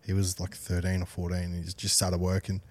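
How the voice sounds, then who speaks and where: A man's voice: sits low, monotone, brisk, darkish tone. A young man co-hosting a podcast, telling a laughing, swearing anecdote in casual chat. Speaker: podcast co-host.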